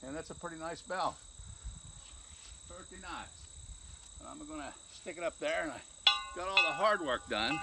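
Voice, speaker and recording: A man's voice: on the high side, pushed and bright, a little hiss or hum. A man chatting casually to his camera outdoors in a folksy, joking way. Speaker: hobbyist vlogger. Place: outdoors in the yard.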